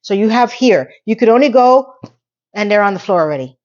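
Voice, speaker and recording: A woman's voice: mid-range voice, animated, a little fast, darkish tone. A woman in a casual TV recap vlog, rambling in a sarcastic, playfully exasperated way. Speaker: TV recap YouTuber. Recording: slightly dull lo-fi audio.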